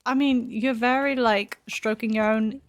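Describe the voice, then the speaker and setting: A woman's voice: on the high side, fairly even intonation, measured pace. A young woman streaming a dating game, chatting, giggling and bantering back at the characters. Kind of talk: live game streaming commentary.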